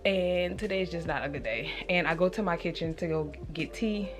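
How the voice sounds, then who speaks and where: A woman's voice: on the low side, a little fast. A young woman chatting at home in a confiding vlog diary, open about her feelings. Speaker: vlogger. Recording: music playing underneath.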